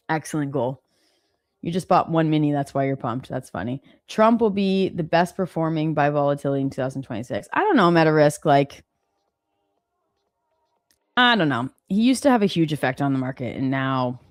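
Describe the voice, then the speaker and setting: A woman's voice: deep voice, a little mellow, dry recording, clean studio sound. A woman hosting a live trading stream, chatting casually, reading viewer comments and laughing often. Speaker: livestream host.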